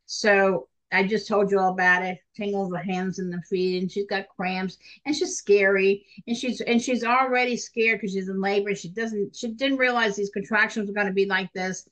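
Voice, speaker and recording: A middle-aged woman teaching a nursing class in a chatty, animated way, talking straight to her students. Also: mid-range voice, moderate pace, rough recording. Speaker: nursing instructor. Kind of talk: recorded classroom lecture.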